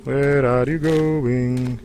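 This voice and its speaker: A man's voice: mid-range voice, steady tone, extremely slow, a little mellow, slight background noise. Chatty man. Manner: chatty, rambling, jokey. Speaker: livestream host. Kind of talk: let's play commentary.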